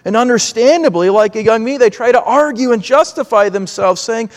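Male preacher, high-pitched, earnest measured delivery, reverberant space. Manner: earnest, measured preaching with acted pleading quotes. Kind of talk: sermon.

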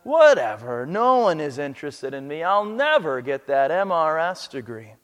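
A man's voice: fairly high pitch, sing-song, normal speed, long reverb tail. A man voicing an anxious young woman, a college senior, who complains that no one likes her, within a sermon. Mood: dismissive. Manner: complaining, self-pitying.

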